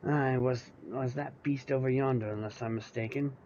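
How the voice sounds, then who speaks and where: A man voicing a pompous, bumbling gentleman inspector with grandiose, old-fashioned speech, reading game dialogue aloud. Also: mid-range voice, steady tone, moderate pace, highs cut off, slight background noise, lightly acted. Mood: earnest.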